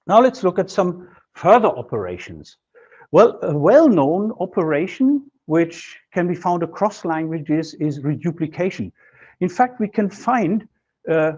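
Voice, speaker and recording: A man delivers a university lecture in a fairly high voice. He explains step by step, working through examples. The recording sounds muffled and lo-fi. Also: darkish tone, breathy edge. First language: German. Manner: methodical, explaining with worked examples. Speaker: linguistics lecturer.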